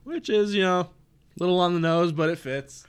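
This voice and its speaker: A man's voice: high voice, a little fast, clean tone. A young man co-hosting a casual chat, reading a comic summary aloud and chuckling wryly at the odd names. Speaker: podcast co-host.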